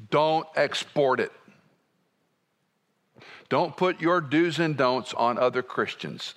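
A man preaching a sermon in a conversational way, dropping to soft asides and rising to emphatic points. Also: mid-range voice. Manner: conversational, wide swings between soft and emphatic.

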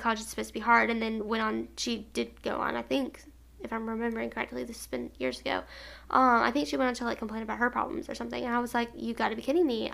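A young woman in her twenties with a fairly high voice that keeps dropping into vocal fry. She tells a personal story in a casual, rambling way, piling up fillers and restarts. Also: a bit bright. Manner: rambling, filler-heavy with frequent "like".

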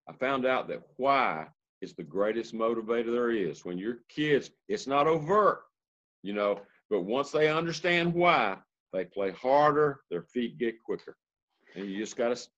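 A man's voice: mid-range voice, animated, moderate pace, fairly bright tone. An older man, a basketball coach hosting a podcast, speaking in an earnest, reflective, plainspoken way. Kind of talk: casual podcast interview. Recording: slightly muffled audio.

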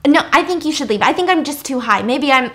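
A woman's voice: sits high, animated, fast, voice pushed up. A woman voicing a panicky young man who keeps insisting he is a nice guy, stammering and defensive. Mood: panicked. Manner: stammering, defensive, rising to shouts.

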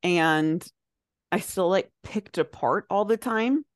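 A young woman with a fairly low voice chats on a podcast, reflective and rambling, leaning on "like" as she thinks aloud. The sound is close and dry, with no room around it. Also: slow pace, no room sound. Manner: rambling, reflective, lots of "like" fillers. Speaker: podcast co-host. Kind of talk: casual chat.

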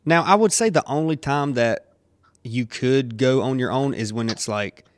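A man's voice: medium pitch, normal speed, no room sound. A man, hosting a casual podcast and telling stories with frequent laughs. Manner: storytelling, laughs often, retells quotes. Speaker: podcast host, army veteran.

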